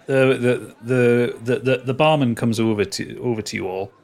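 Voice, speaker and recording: A man's voice: mid-range voice, steady tone, normal speed, a little mellow. A man narrating a tabletop game as game master, talking with many stops and restarts.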